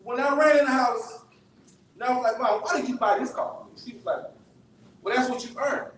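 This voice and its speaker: Speaking fairly quickly in an extremely high, somewhat bright voice, a man preaches a conversational, story-based sermon full of asides and frequent "right?" check-ins. He's recorded from a distance in an echoey church sanctuary, with slight background noise.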